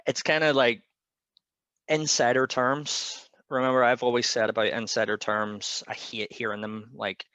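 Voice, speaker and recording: A man hosting a podcast in casual wrestling chat, talkative and quick to laugh. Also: mid-range voice, level tone, pushed and bright, no room sound. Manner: chatty, laughs often, quick asides. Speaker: podcast host.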